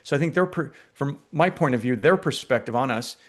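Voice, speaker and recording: A filmmaker being interviewed, telling stories in a lively, conversational way with frequent fillers and restarts. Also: male voice, medium pitch, fairly quick. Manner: animated storyteller, many restarts and fillers. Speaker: filmmaker guest.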